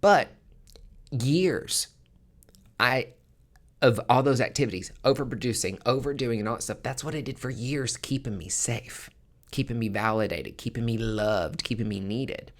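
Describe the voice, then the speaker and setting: A man's voice: medium pitch, moderate pace. A man hosting a podcast, talking in a frank, casual monologue and swearing freely. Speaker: podcast host.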